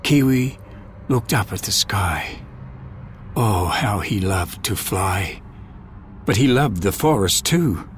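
Man narrating a storybook, very unhurried, faint hiss behind. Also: fairly low pitch, animated. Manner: gentle, measured, dropping to a whisper at tender moments. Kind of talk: storybook reading.

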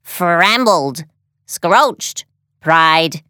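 A woman's voice: on the low side, animated, drawn-out words, pushed and bright, clean tone, dry recording, studio quality, heavily acted. A woman voicing a muddled, cheerful young robot that beeps, in a chirpy, clipped way.

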